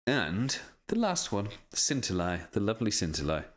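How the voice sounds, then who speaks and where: Animated, swearing man chatting on stream. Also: on the low side, moderate pace, background noise. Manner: chatty, self-deprecating, swears often. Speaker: voice actor signing prints on a live stream. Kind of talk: casual live-stream chat.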